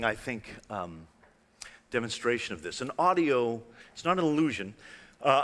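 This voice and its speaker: A man speaks to a live audience in a large hall, his voice bright and forward. He talks casually and playfully, with lots of questions thrown out to the room. A long hall reverb trails each phrase. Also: mid-range voice. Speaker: illusionist presenter. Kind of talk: live stage talk with demonstrations.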